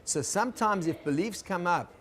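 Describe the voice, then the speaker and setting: A man teaching about conflict in a gentle, explaining lecture style, checking in with his listeners. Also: sits high, animated, moderate pace, slight background noise. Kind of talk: recorded lecture.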